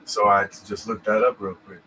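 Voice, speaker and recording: A man talks through scripture in a loose, rambling way, constantly checking in with his co-host. His voice sits fairly low, with a faint hiss behind it. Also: level tone, quick pace, sharp tone, low-quality recording. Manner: rambling, full of "you know what I'm saying". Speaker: podcast host. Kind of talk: casual scripture discussion.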